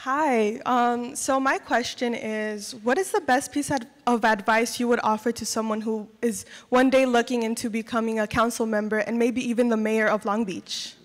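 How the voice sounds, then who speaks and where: A woman's voice: on the high side, steady tone, normal speed, hardly any pauses. Young woman asking a question, echoey hall. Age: young adult. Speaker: audience questioner. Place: large school hall.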